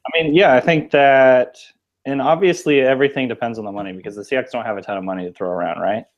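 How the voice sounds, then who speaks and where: A man's voice: mid-range voice, fairly even intonation, fast, dull audio. A man co-hosting a sports podcast, giving easygoing opinions and hedging with "like" and "I think". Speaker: podcast co-host. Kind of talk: casual sports podcast chat.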